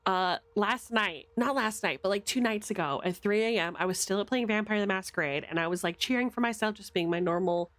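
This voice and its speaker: A young American woman streaming from her desk at home, chatting loudly and casually with viewers, swearing and laughing easily. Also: medium pitch, no echo. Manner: loud, chatty, swears freely, quick to laugh. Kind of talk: casual livestream chat with viewers. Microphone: streaming mic.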